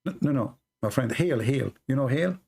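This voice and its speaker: A man hosting a combative debate, pressing his caller with sarcastic, slowly repeated questions. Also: mid-range voice, animated, gravelly, a little mellow, slightly rough. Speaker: debate host. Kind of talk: combative live call-in debate.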